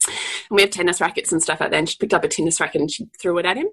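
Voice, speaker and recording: A woman's voice: on the low side, racing, slightly rough. A woman in her forties, co-hosting a casual podcast chat and telling family stories animatedly with frequent laughter. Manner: animated storyteller, laughs often, swears casually. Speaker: podcast co-host.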